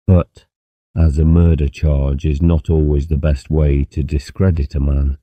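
Very deep-voiced male audiobook narrator. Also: little pitch movement, unhurried, mellow, dry recording, muffled recording. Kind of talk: scripted narration.

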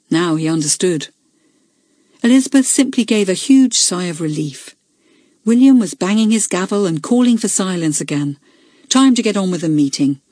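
A woman narrating a children's audiobook in a clear, measured storytelling manner. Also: on the low side, mellow, no room sound.

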